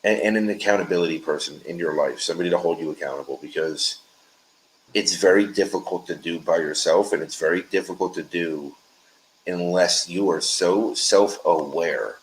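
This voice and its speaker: A man speaking as a guest in a casual conversation, emphatic and talking in quick bursts. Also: low voice, slight background noise, rough recording.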